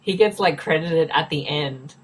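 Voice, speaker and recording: Low-voiced chatty woman podcaster. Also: normal speed, slightly rough, rough recording. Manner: chatty, laughs often, many fillers. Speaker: podcast co-host. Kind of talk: casual chat.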